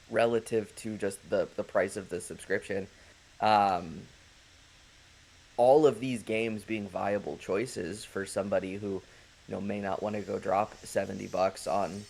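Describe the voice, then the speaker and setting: Low gravelly male podcast host. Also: low-quality recording. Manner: measured, with frequent restarts and fillers. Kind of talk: casual podcast chat.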